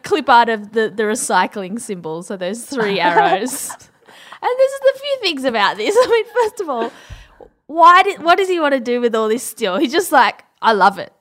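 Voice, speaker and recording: A woman's voice: sits high, very animated, a little slow, fairly bright tone. Giggly Australian woman co-host. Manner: giggly, reads ads aloud with mock emphasis. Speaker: podcast co-host. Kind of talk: casual comedic chat.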